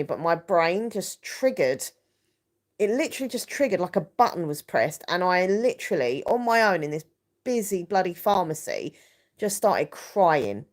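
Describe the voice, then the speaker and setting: Woman on a live stream, kinda low voice, rambly and emotional, lots of ums. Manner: rambling, emotional, confiding, with many fillers. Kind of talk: confiding live-stream chat.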